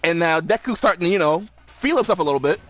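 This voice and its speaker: A man's voice: fairly high pitch, animated, quick pace, a bit bright, soft background music. A young man streaming a game, rambling profanely with lots of restarts and laughs. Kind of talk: casual commentary while gaming.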